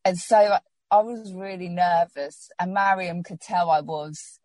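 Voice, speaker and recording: A woman's voice: on the low side, fairly even intonation, measured pace, mellow, no room sound. A woman telling her personal story in an interview, heartfelt and rambling with many restarts, getting emotional.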